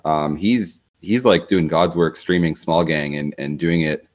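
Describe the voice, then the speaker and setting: A man's voice: extremely low pitch, measured pace. A man hosting a casual podcast chat, rambling loosely with lots of fillers. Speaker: podcast host.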